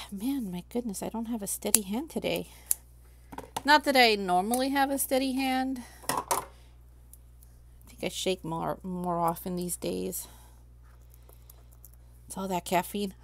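Hosting a crafting livestream, a woman speaks at medium pitch with vocal fry and no echo. Chatty and casual, she reads viewers' messages aloud and mutters her thoughts to herself while working.

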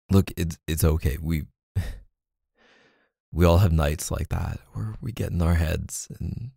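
A young man speaking softly and hesitantly in a whispered role-play, as an affectionate boyfriend. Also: low-pitched, gravelly, dry recording, studio quality. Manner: soft-spoken, hesitant, affectionate. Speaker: ASMR boyfriend roleplay creator.

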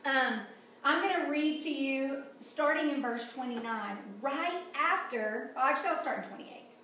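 A woman teaching a children's Bible lesson in an animated way, often asking the kids questions. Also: high-pitched, normal speed. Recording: echoey room, distant mic, faint noise.

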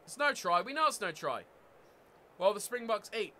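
Man, New Zealand accent, gameplay commentary, excitable, shouts at the game, very high voice. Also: moderate pace, slight background noise. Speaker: gaming YouTuber.

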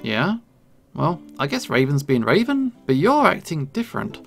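A man reading a steady, reassuring young male friend in a visual novel game. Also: on the high side, moderate pace, creaky, soft background music.

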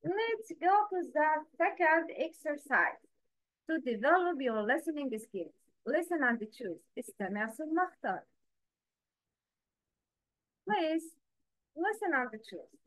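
Slow high-voiced woman teaching. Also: big pitch swings, fairly bright tone, dry recording. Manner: patient, asks listeners to repeat after her; counts and quizzes listeners directly. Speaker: Quran recitation teacher. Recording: dull, lo-fi dry recording.

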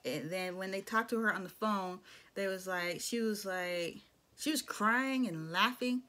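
A woman's voice: medium pitch, measured pace, pushed and bright. A young adult woman giving a casual, opinionated recap of a reality show, with blunt asides. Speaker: show reviewer.

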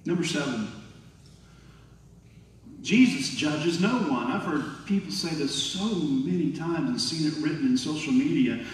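A man preaching a sermon as pastor, emphatic and lively, sometimes acting out quoted voices. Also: fairly high pitch, normal speed, few pauses, distant mic. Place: large church hall. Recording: echoey hall from afar.

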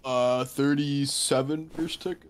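A man's voice: mid-range voice, steady tone, slow pace, a little hiss or hum. A man playing a game with a friend, talking in a loose, joking way full of slang and calling him "bro.". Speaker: teammate. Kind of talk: casual gaming chat.

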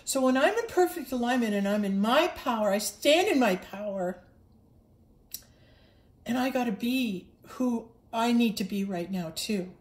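A woman's voice: on the high side, lively intonation, measured pace, echoey room. A woman giving an earnest spiritual monologue, repeating herself and stumbling over restarts as she speaks. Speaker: spiritual livestreamer.

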